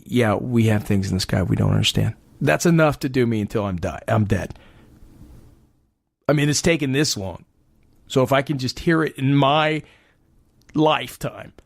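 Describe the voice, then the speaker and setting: American guy rambling on his paranormal show, gravelly voice, dry close mic. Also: mid-range voice, dry recording. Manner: animated and rambling, with frequent fillers. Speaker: podcast host. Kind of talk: casual monologue.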